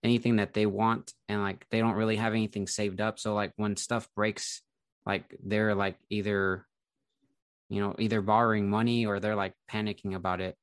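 A man with a low voice talks in an easygoing, chatty way, leaning on filler words. He is recorded close and dry, with no room sound around him. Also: level tone, moderate pace, smooth, no echo. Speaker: investing YouTuber. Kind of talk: casual conversation between creators.

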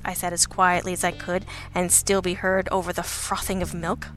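A woman narrates a story in the first person with a dry, sardonic wit. Her voice is bright and forward, and faint music sits under the reading. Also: fairly low pitch, little pitch movement, moderate pace. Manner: wry and sardonic. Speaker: audiobook narrator.

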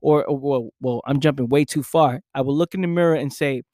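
A man's voice: medium pitch, a little fast, darkish tone, no echo, clean studio sound. A young man speaking in an intense motivational monologue, acting out his own past inner voice.

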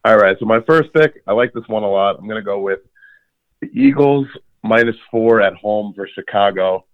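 Hoarse guy on a phone line, kinda low voice, talking through his picks, dry sound. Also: no room sound. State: hoarse, lost some voice. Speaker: guest giving betting picks. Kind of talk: casual sports chat.

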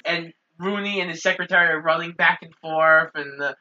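A man's voice: on the high side, a little fast, dull audio, a crowd in the background. A man in casual chat, walking through a movie's plot with a co-host and quoting the characters' lines. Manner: steady plot narration with quoted lines. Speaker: podcast co-host.

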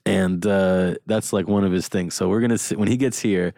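A man's voice: sits low, fairly even intonation, fairly quick, vocal fry, warm tone, dry recording, studio quality. A man hosting a casual chat, rambling and joking with frequent laughs and swearing. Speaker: podcast host.

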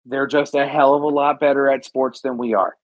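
A man's voice: mid-range voice, little pitch movement, fairly quick, dry recording, highs cut off. A man co-hosting a podcast in casual chat, swearing freely and ranting with heat. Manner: profane, heated rants. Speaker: podcast co-host.

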